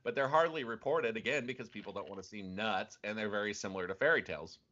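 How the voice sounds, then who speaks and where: A man's voice: fairly low pitch, fast, noisy background. A man co-hosting a podcast, casually retelling strange stories with laughs and restarts. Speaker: podcast co-host. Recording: dull lo-fi sound.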